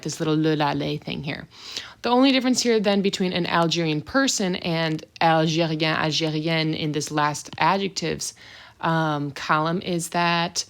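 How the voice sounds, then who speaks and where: A woman teaching French in a recorded video lesson, explaining step by step and slowing down to model pronunciation. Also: on the low side. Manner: patient, slows down to model pronunciation.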